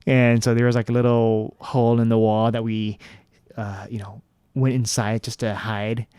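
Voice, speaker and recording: Casual, smooth-voiced young man. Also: medium pitch, normal speed, dry recording. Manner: relaxed, many fillers and restarts. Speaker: vlogger reviewing attractions. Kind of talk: casual review talk.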